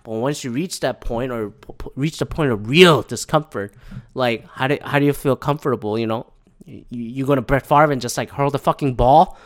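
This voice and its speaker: A man's voice: medium pitch, moderate pace. A man hosting a casual solo podcast, rambling and swearing freely as he talks through his thoughts. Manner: rambling, profane, animated, self-talking asides. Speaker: podcast host.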